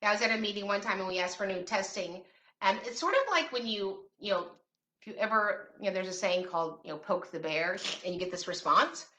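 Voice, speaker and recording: She has a medium-pitched voice, a little fast, pushed and bright. As host of a show on parents' rights, this middle-aged special education advocate talks casually to camera, adding sarcastic and teasing asides.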